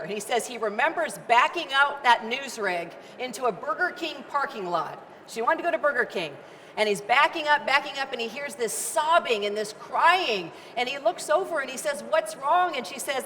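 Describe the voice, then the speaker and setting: A middle-aged woman giving an energetic, emphatic motivational speech, repeating phrases for rhythm. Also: a little high, fairly quick, slight background noise. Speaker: keynote speaker. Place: large event hall. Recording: reverberant hall with faint ambience.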